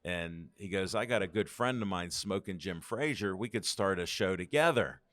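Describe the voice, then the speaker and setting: Older guy with a lowish voice telling long stories, keeps quoting what people said, dry close sound. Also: expressive, moderate pace, a bit bright, no room sound. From Pittsburgh. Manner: rambling anecdotes acting out quoted dialogue, laughing often. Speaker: guest. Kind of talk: casual storytelling interview.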